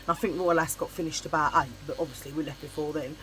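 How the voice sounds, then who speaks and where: A middle-aged vlogger with a deep voice talks fast, telling a long casual story over poor audio with slight background noise. Chatty and blunt, she swears freely and animatedly performs the voices in her anecdotes.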